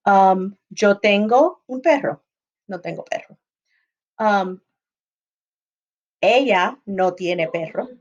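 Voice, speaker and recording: A woman's voice: mid-range voice, expressive, slow, long pauses, lo-fi sound. Woman teaching a Spanish lesson. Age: adult, not young. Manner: explains patiently, switches between English and Spanish examples. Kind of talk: recorded classroom lesson.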